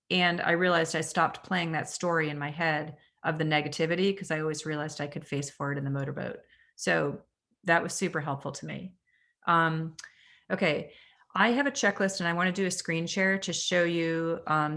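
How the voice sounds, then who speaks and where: A woman's voice: low voice, a bit bright. A woman with a Canadian accent, a real estate agent giving a casual training talk over a video call, chatty and asking the audience questions. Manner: conversational, asks the audience questions, frequent ums.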